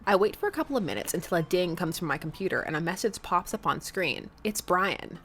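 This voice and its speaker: A woman's voice: lowish voice, animated, a little fast, fairly bright tone, slight background noise. Chatty woman streaming a dating game. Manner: chatty, joking, reads narration aloud. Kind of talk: let's play commentary and reading game text.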